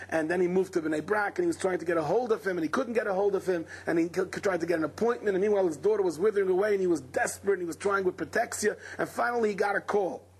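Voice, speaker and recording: A rabbi with a high, husky voice delivers a Torah lecture. He tells stories with flair and acts out each person he quotes. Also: rapid-fire, hardly any pauses. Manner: dramatic storyteller who acts out quoted speakers. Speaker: rabbi teaching a Torah class.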